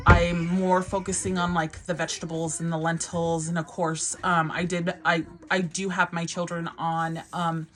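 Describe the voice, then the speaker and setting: A chatty woman in her thirties talks to her camera about home life. Her voice sits a little low, and she rambles with plenty of ums and restarts. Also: flat delivery, moderate pace, few pauses, fairly bright tone. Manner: chatty and rambling, many fillers and restarts, laughs often. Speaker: vlogger, mother. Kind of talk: casual chat to camera.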